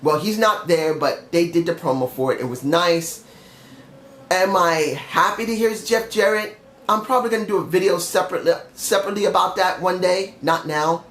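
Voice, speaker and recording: A man's voice: high-pitched, a little fast, fairly bright tone, reverberant. Blunt ranting young man, slightly sick. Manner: ranting, blunt, mild swearing. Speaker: wrestling show reviewer. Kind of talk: opinionated solo review.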